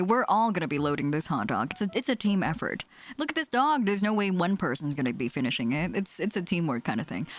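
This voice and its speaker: Woman, streamer, giggly, rambling, crude jokes, desk mic. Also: fairly low pitch. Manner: giggly, laughs often, playful and crude; rambling with many fillers and restarts. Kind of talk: casual livestream chat.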